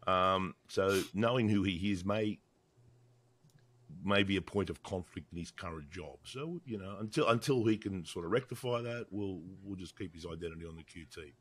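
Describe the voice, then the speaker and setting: A man's voice: sits low, moderate pace, a bit bright, breathy edge. A man in his sixties with an Australian accent, a podcast guest talking bluntly and profanely over a video call, laughing often. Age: 60s. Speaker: podcast guest, motorcycle writer. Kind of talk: casual video-call chat.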